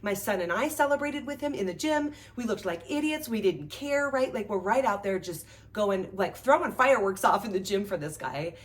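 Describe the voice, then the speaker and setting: A woman hosting a show and working as a life coach, giving a motivational talk in an animated, chatty way, with lots of "like" and "right?". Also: mid-range voice, moderate pace, few pauses. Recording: voice a bit distant from the mic.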